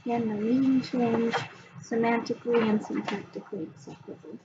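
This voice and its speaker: A woman presenting a reading assessment, talking slowly with many pauses and ums. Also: fairly high pitch, fairly even intonation. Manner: slow, hesitant, many ums. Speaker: student presenter. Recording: dull lo-fi sound, faint background hum.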